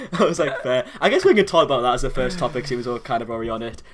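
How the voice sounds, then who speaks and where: A man's voice: medium pitch, lively intonation, very fast, background noise. A young man hosting a casual podcast chat, rambling and swearing freely. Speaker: podcast host.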